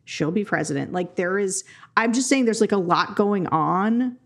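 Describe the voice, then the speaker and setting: A woman's voice: on the low side, animated, moderate pace, creaky. A woman co-hosting a political podcast, talking in a rambling, earnest way with many "like" fillers. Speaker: podcast co-host. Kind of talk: casual political chat.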